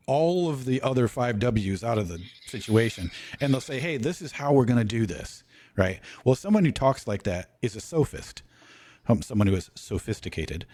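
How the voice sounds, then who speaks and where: A man's voice: on the low side, darkish tone, no echo. A man in casual talk, lecturing and walking through his points one by one.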